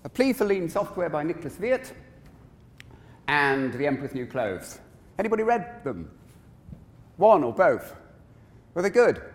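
A man giving a conference keynote in an animated, conversational way, with frequent digressions. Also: fairly high pitch, measured pace, long pauses. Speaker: keynote speaker. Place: large conference hall. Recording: long reverb of a conference hall.

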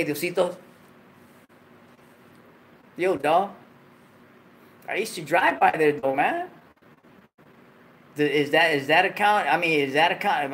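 A man's voice: high voice, a bit bright. A man hosting a late-night livestream, talking casually, full of slang and profanity and joking between laughs. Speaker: livestream host.

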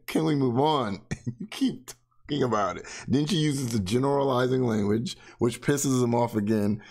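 A man's voice: medium pitch, normal speed. A man giving blunt, sarcastic casual commentary, swearing freely and keeping his voice down. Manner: talks softly. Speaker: reaction commentator.

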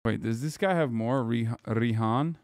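A man streaming casual reaction commentary, animated and swearing a lot. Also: mid-range voice, measured pace, no room sound, studio quality.

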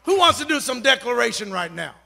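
A man preaching a fiery church sermon, moving from quiet storytelling into shouted exhortation to the congregation. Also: very high voice, big pitch swings, a little fast, creaky. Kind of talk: Pentecostal-style sermon. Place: large church sanctuary. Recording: long church hall reverb, congregation faintly heard.

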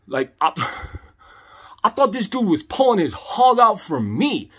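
A young man spins a comedic tale in loose slang, tossing in homie and dog. His voice sits high for a man and jumps all over the place. The tone is a bit husky. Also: sing-song, normal speed, fairly bright tone. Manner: laid-back slangy delivery, calls listener homie and dog. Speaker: comedic storyteller. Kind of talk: comedic storytelling monologue.

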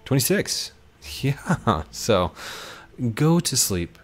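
Male gaming YouTuber, goofy unhurried commentary, faint music behind. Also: mid-range voice, sing-song. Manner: goofy, playful, talks to viewers. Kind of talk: casual let's play commentary.

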